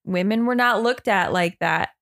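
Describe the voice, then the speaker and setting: A woman's voice: mid-range voice, normal speed, gravelly, fairly bright tone. A woman co-hosting a casual podcast, mostly reacting with short remarks and frequent laughter. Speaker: podcast co-host.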